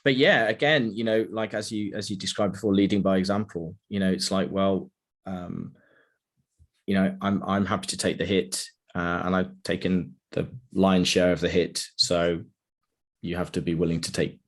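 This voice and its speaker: A man with a very low voice hosts a conversational interview. He affirms his guest often and looks for his words with fillers and restarts, keeping the talk easy and unhurried. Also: fairly even intonation. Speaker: podcast host.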